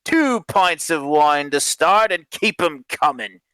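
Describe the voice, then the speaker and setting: A swaggering, tipsy young tavern-goer, as a man puts him on in a tabletop game, raising his voice a little and drawling slowly. He scoffs with lazy arrogance. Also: a little high, expressive, sharp tone, smooth, dry recording, voice pushed up, full character voice, low-quality recording. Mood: scoffing.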